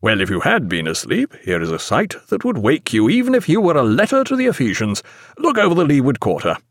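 A man's voice: mid-range voice, wildly swooping pitch, a little fast, no echo, clean studio sound. A man voicing a jovial, bluff naval captain from the age of sail in an audiobook. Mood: hearty. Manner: bluff, hearty, nautical talk.

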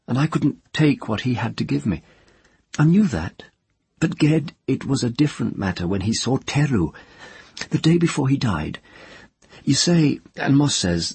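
A man's voice: mid-range voice, a little mellow, breathy edge, no room sound, pitched above the performer's own voice, heavily acted. A man voicing an earnest, troubled middle-aged woman who pleads and falters.

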